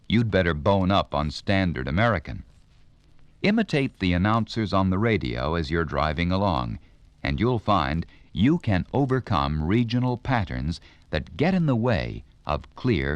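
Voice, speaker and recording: A man giving scripted instructional narration for a training record, in a clear, deliberate announcer's delivery. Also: deep voice, big pitch swings, no echo, dull audio.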